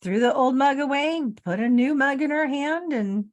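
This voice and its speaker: Animated woman telling a story. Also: moderate pace. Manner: animated, acts out quotes in a high voice, laughs often. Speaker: podcast co-host. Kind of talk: casual chat, storytelling.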